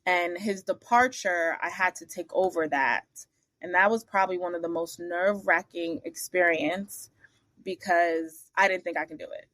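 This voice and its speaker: Animated woman telling stories, dry sound. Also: fairly low pitch, normal speed, dry recording. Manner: animated, acts out the other people in her stories; blunt, salty asides. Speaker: interview guest. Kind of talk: casual storytelling interview.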